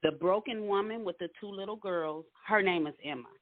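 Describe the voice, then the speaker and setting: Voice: mid-range voice, fairly quick, no echo. A co-host of a book discussion who steps in to correct and clarify details for listeners. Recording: tinny dry phone line.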